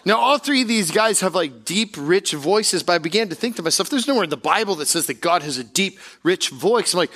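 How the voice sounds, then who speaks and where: A man preaching a sermon as pastor at a church service, in an energetic, joking, conversational way. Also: sits high, fairly quick, few pauses.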